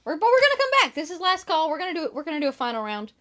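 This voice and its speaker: Lady hosting a live sale stream, bubbly and teasing, voice way up high. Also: very animated, very fast, a bit bright. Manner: bubbly, teasing, laughs often. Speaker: host selling signed merchandise. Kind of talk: live sales stream chat.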